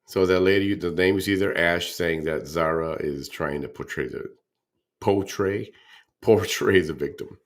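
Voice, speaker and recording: Host, male, very low voice, relaxed gossip commentary. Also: measured pace. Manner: laid-back, swears, laughs at clips. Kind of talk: casual commentary on gossip clips.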